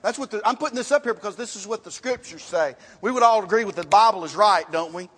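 A man with a high-pitched voice teaches a church Bible class, repeating points and asking the class questions as he writes on a board. His voice rings with a long reverb, as if in a large hall. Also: fast, fairly bright tone.

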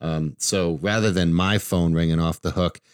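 Low-voiced male host, casual and chatty, dry studio mic. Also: steady tone, normal speed, clear, resonant tone, no echo. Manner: chatty, restarts often, laughs easily. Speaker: financial radio show host. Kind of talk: casual radio talk.

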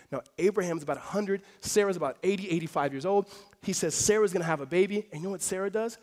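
A male pastor preaching through a scripture passage, telling the story in a lively, conversational way with casual fillers. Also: high-pitched, quick pace. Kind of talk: expository sermon.

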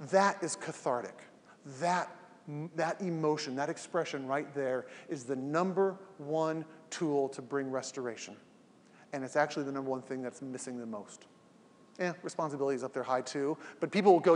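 A man's voice: a little high, moderate pace, big-room sound. A man teaching a weekly evening class in an earnest, emphatic way, acting out everyday quotes as he goes. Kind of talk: live talk to a class, later posted as a podcast.

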